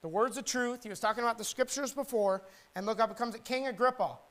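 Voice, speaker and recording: A young man preaching a sermon in a conversational, animated way, mixing slang with scripture. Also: extremely high pitch, fast talker.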